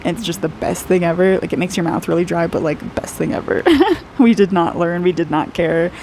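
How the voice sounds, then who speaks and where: Brisk and low-pitched with a darkish tone, this woman in her twenties works as an aura reader and artist. She rambles cheerfully through a casual intuitive aura reading as she draws, frequently saying "like" and laughing, with slight background noise.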